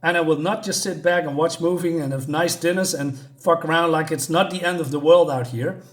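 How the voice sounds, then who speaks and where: A man's voice: fairly high pitch, a little fast, lightly acted. A man reading the lines of an angry, frustrated man who feels trapped, with heated, cursing outbursts.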